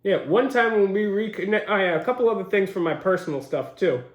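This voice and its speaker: A man's voice: high-pitched, a little fast, muffled recording. A young man doing casual, slangy commentary, reacting with incredulous asides. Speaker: commentary host. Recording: roomy echo.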